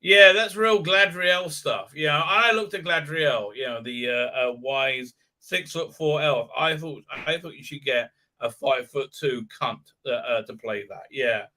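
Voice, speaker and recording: On his live commentary stream, a man speaks at a measured pace in a medium-pitched, sharp voice. He swears, rants sarcastically, and uses silly mock voices for the things he reads, hesitating often with lots of fillers and false starts.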